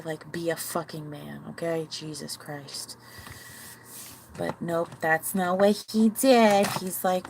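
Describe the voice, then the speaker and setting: A woman's voice: sits low, creaky, a little hiss or hum, rough recording. A woman hosting a livestream, venting bluntly and with profanity to her viewers, with sighs and short laughs. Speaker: livestream host.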